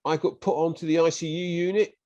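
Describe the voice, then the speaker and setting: An English man with an English accent, a guest in an interview, telling a personal story in a lively way and acting out what other people said to him. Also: on the high side, fairly quick, no room sound, dull audio. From England. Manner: animated, acts out quoted speech of others.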